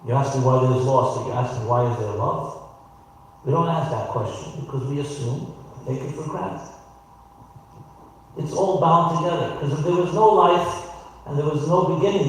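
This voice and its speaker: A rabbi giving a reflective sermon, asking the congregation rhetorical questions and telling a story. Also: male voice, fairly high pitch. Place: synagogue sanctuary. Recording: roomy hall, voice from far off.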